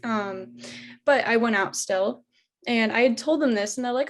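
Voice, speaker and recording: A woman's voice: on the high side, steady tone, measured pace. A young woman with a Michigan accent, telling an interviewer about her old sales job in a casual, chatty way full of "like" and "um". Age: young adult. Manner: chatty, heavy use of "like" and "um". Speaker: interviewee, former door-to-door sales trainer.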